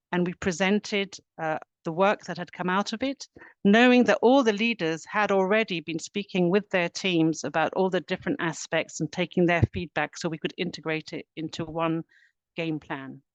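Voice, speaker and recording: A woman's voice: on the low side, moderate pace, no room sound, muffled recording. Middle-aged woman, HR director, earnest webinar presenter, dry close sound. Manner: earnest, steady explaining, lists actions step by step.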